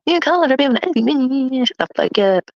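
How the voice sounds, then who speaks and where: Taunting woman with a lively voice. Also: high voice, fast, dry recording, highs cut off. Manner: taunting, mocking, laughs often. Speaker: livestream host. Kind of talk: casual livestream chat.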